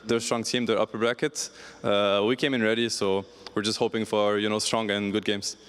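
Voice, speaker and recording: A man, a professional player, answering interview questions calmly. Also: on the low side, a little fast, smooth. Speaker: pro player. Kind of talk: post-match style interview.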